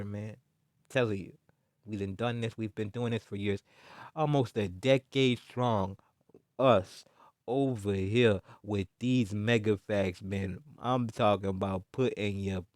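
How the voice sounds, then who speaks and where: A man's voice: fairly low pitch, unhurried, a little mellow, no room sound, clean studio sound. A man ranting in casual chat about sports, emphatic and repetitive, full of slang and mocking jabs, tacking "man" onto his lines. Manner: mocking, insistent. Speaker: sports commentator vlogger. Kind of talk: heated casual rant.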